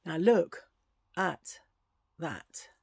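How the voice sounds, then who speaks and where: A woman's voice: fairly low pitch, expressive, very slow, gravelly, a little mellow, husky, no echo. A woman chatting casually through a thrift-shop haul at home, gushing and rambling with restarts. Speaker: vlogger showing a thrift haul.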